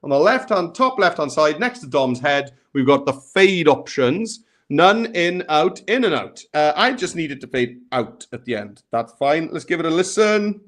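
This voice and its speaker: A British man hosting a live software tutorial, chatty and upbeat, walking through each step. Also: a little high, expressive, normal speed, few pauses. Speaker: host tutor.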